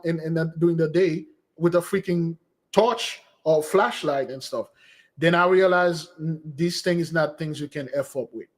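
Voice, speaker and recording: A man with a fairly high voice hosts a casual spiritual stream. He tells rambling stories and answers viewer questions, restarting sentences often. He jumps his voice even higher to act out the women he quotes.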